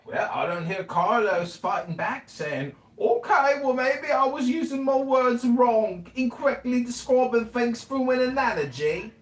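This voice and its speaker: A man's voice: extremely high pitch, lively intonation, measured pace, few pauses. A man in heated livestream banter, mocking and insulting with British slang. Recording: echoey room.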